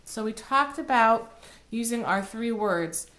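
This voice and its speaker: A woman's voice: fairly high pitch, animated, measured pace, fairly bright tone. A woman cantor teaching Torah cantillation, explaining plainly and breaking into short sung chant phrases. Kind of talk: recorded online lesson.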